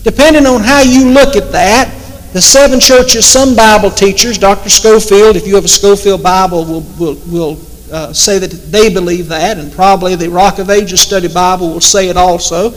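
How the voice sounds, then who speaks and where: A man preaching a sermon, slow and emphatic, quoting scripture with weight. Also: high voice, steady tone. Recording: long hall reverb.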